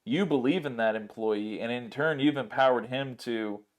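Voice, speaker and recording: A man hosts a laid-back podcast conversation at normal speed and medium pitch, swearing freely while he tells animated stories and plays the parts of those he quotes.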